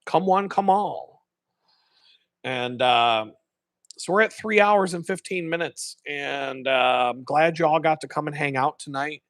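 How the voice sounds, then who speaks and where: A man with a fairly high, bright voice, recorded close and dry. He hosts a live stream and tells stories in a loose, profane, animated way, often laughing. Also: unhurried, dry recording. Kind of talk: casual storytelling.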